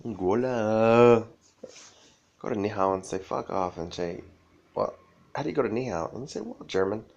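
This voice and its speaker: A man's voice: sits low, expressive, a little fast, vocal fry, husky, highs cut off. A man rambling through a profane monologue, often laughing as he talks.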